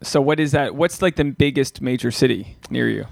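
A man's voice: medium pitch, moderate pace, vocal fry, dry recording. A man hosting a podcast, chatting casually and joking at his own expense. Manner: joking, self-deprecating. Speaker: podcast host. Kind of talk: casual chat.

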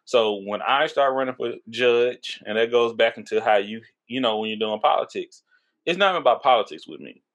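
A Texan man in his thirties hosts a podcast, chatting casually about politics in a loose, profane way. He's a little tipsy from drinking, expressive and somewhat bright-voiced at a moderate pace, and his voice goes high when he gets worked up.

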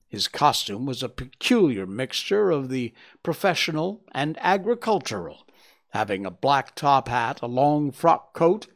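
A man reading a story aloud as its narrator, in an expressive, unhurried manner. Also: a little high. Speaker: audiobook reader.

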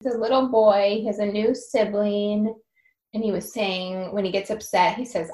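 A woman's voice: mid-range voice, fairly even intonation, moderate pace, a little mellow, roomy sound. A woman co-hosting a parenting podcast, talking in a casual, chatty way with lots of "like". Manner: chatty, peppered with "like". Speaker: podcast co-host.

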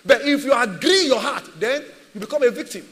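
High-voiced man preaching in a hall. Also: animated, a little fast, fairly bright tone. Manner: emphatic, repetitive preaching with rhetorical questions. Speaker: pastor. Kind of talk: sermon. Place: church.

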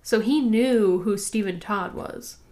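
A woman's voice: mid-range voice, slow, a little mellow. A woman co-hosting a true-crime podcast, casually sharing her theory and chiming in with short agreeing replies. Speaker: podcast co-host.

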